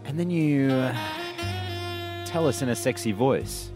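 A man's voice: mid-range voice, unhurried, music in the background. A man with an Australian accent hosting a radio show, bantering in a playful, jokey way. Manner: jokey, playful, bursts of laughter. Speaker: radio host. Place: radio studio.

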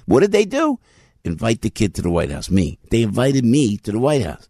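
Animated older New radio host. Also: male voice, lowish voice, normal speed, no room sound, studio quality. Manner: animated, rambling, storytelling with restarts and laughs. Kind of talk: casual talk radio. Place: radio studio.

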